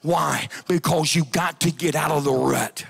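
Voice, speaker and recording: A man preaching a revival sermon in a church, shouting and rising to high cries. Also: a little slow, gravelly, slightly rough. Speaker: pastor. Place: church sanctuary.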